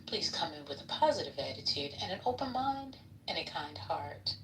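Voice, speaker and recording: Chatty woman host, low voice, far from the mic in an echoey room with faint hiss. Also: normal speed. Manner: relaxed, chatty, well-wishing. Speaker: host of a live audio chat. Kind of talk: casual chat.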